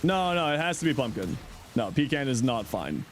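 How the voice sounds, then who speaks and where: A man's voice: medium pitch, very animated, normal speed, faint music behind. A middle-aged man chatting casually on his livestream, answering chat in a playful, teasing way and laughing often.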